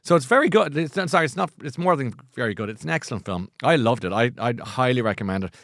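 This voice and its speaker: A man's voice: medium pitch, animated, quick pace, fairly bright tone, dry recording. Rambling Irish man, dry studio sound. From Ireland. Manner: rambling, self-mocking, jokey. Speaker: podcast host. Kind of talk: casual chat.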